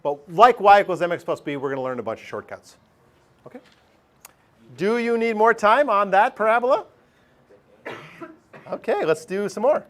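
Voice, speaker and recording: Chatty male math teacher, higher voice. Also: animated, moderate pace, pauses often, a bit bright. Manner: chatty, talks to himself and asks himself questions aloud. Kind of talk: recorded screen lesson.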